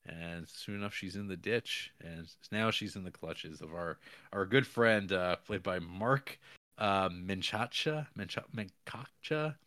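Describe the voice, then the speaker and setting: A man's voice: sits low, unhurried, sharp tone, no room sound, clean studio sound. A man co-hosting a podcast, recapping a film in a rambling casual way with frequent chuckles. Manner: rambling, chuckles often, many fillers. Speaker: podcast co-host.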